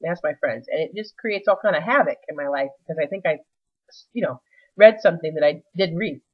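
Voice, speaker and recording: A woman's voice: low-pitched, expressive, fast talker, slightly rough, lo-fi sound. A woman telling a rambling, self-mocking comic story with many restarts.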